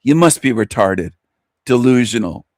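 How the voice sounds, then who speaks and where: A man's voice: medium pitch, lively intonation, moderate pace, a little mellow, dry recording, studio quality. A man hosting a show, mocking a video he is watching in a scornful, insulting rant. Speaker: host reacting to a video. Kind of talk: mocking live commentary.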